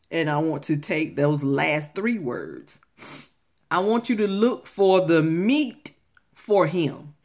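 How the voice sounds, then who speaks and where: A woman with a slightly low voice shares Bible-based relationship advice at a very slow, deliberate pace. She talks directly to her viewers and repeats phrases to drive her points home. Her delivery is earnest. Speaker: faith-based relationship vlogger.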